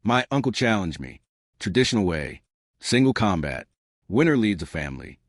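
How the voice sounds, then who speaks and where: A steady, guarded crime boss, read by a man in a low voice. He speaks quietly and with restraint, yet his pitch moves a lot from line to line. The sound is dry and close. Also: moderate pace, no echo. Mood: firm. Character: calm, guarded male crime boss, adult.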